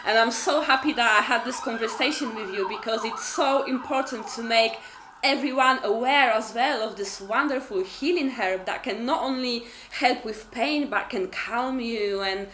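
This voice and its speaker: A woman's voice: on the high side, fairly bright tone, roomy sound, slight background noise. A woman hosting an interview, gushing with thanks and stumbling over repeated words. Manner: effusive, grateful, stumbling repeats. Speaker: interview host. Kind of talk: casual interview.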